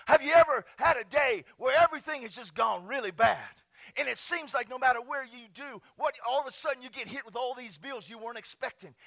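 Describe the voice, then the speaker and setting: High, gravelly, bright-voiced preacher man. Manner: loud, laughing, swinging between shouting and near-whispering. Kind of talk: charismatic sermon. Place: church sanctuary.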